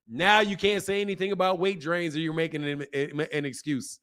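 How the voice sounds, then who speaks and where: A man hosts a boxing channel livestream, giving blunt, rambling, repetitive casual commentary full of slang and reading chat messages aloud. His voice is a little high and a bit bright, with a steady tone, normal speed, and few pauses.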